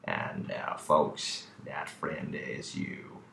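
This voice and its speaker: Laid-back movie star, deep, hushed, echoey room. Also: male voice, sing-song, gravelly, a little hiss or hum, exaggerated voice. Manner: slow, rambling, many fillers.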